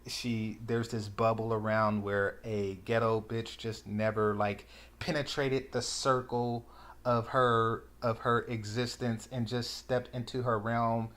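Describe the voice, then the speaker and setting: A man's voice: mid-range voice, little pitch movement, slow pace, fairly bright tone. A man hosting a reaction video, giving sarcastic, rambling commentary full of fillers. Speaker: commentary channel host.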